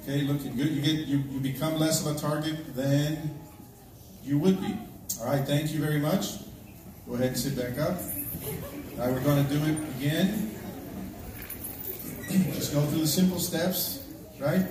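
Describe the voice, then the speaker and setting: A man with a fairly high voice addresses a congregation as a church elder, chatty and often checking in with his listeners. He is picked up from well across a large, heavily reverberant church hall. There is a clear hiss and murmur under the live stream. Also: moderate pace, long pauses. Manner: conversational, checks in often with the audience. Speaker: church elder leading a security drill. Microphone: distant livestream device. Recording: very echoey, distant, noisy live stream.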